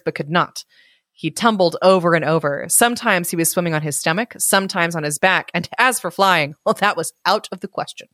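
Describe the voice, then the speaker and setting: A woman's voice: medium pitch, fairly bright tone, no room sound, clean studio sound. Playful woman reading a story aloud. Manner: playful, laughs often, reads story aloud. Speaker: podcast co-host. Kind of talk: casual storytelling chat.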